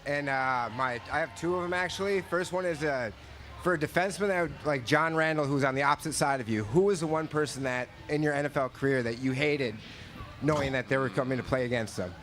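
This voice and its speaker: A man's voice: fairly high pitch, fast, fairly bright tone. A man in the audience asking a question, hesitant with fillers, heard a bit off-mic. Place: outdoor fair crowd.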